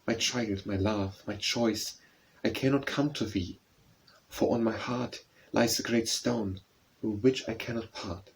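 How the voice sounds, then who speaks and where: A man doing a hushed, tender mother's ghost. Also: on the low side, slow, gravelly, slight background noise, rough recording. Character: dead mother's gentle ghost, tender and low.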